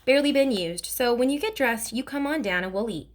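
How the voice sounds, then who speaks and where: A woman reading aloud, voicing a kind but stern grown woman in a storybook, pitched a bit above her own voice. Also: animated, fairly quick, natural voice. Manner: warm with the child, sharp with her father.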